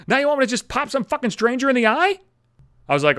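A man's voice: high voice, huge pitch swings, fast talker, fairly bright tone, dry recording, clean studio sound. A man in a profane, exasperated comedic monologue rant, swearing constantly. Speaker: comedic ranter.

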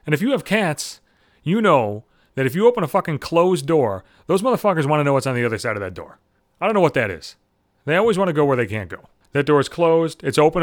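A man podcasting, his fairly high voice swinging wildly as he rants with sarcastic outrage. He swears nonstop and acts out each side of the story. The sound is close and dry, with no room to it. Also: sing-song, quick pace, no room sound. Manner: angry, sarcastic, swears constantly, acts out both sides of conversations. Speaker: podcast host. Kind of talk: profane comedic rant.

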